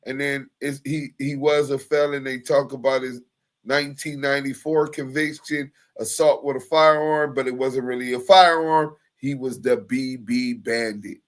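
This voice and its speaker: A man's voice: medium pitch, fairly even intonation, normal speed. A man on a casual livestream, reading court papers and emails aloud in a laid-back way, chuckling often. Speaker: livestream commentator.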